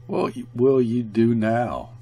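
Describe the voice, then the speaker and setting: A man voicing Carlier, a blunt, cynical male colonial trader who speaks gruffly and forcefully. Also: mid-range voice, slow, muffled recording.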